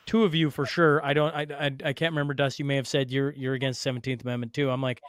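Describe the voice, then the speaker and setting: A man from Alberta hosts a podcast in a casual, chatty way. He jokes about himself and drops in quick asides. His voice sounds close and dry, with no room echo. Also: on the high side, clear, resonant tone. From Alberta, Canada. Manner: loose, self-deprecating, quick asides. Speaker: podcast host. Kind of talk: casual political chat.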